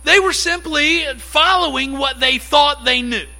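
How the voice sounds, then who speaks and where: Brief: male pastor, high and bright voice, lively conversational sermon delivery. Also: measured pace, creaky, poor audio. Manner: conversational, animated preaching with acted-out quotes.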